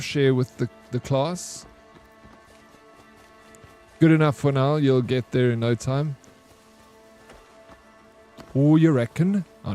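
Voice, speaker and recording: A man's voice: mid-range voice, warm tone. A young man, chatting casually with his stream while playing a game, slangy and laid-back. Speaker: gaming streamer.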